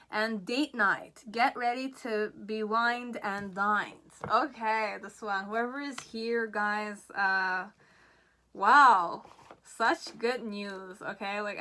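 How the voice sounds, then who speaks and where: A woman reads tarot cards for her viewers at an unhurried pace. Her voice is bright and forward, and she sounds excited. She keeps breaking off with "okay?" and is a little out of breath. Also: medium pitch. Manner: excitable, repeats "okay?" often, laughs. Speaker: tarot reader. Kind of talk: pick-a-card tarot reading.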